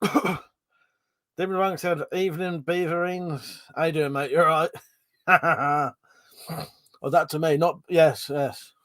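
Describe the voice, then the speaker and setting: A man's voice: on the high side, fairly even intonation, unhurried, long pauses, fairly bright tone. A man hosting a casual live stream, reading out chat comments, rambling and swearing, short of breath and yawning. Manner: chatty, swearing, reads chat aloud and rambles.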